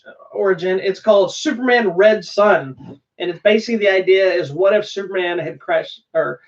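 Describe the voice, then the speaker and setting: A man's voice: sits high, normal speed. A man co-hosting a casual movie podcast, rambling and thoughtful with lots of fillers. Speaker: podcast co-host. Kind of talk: casual chat reviewing movies. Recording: distant, dull-sounding mic.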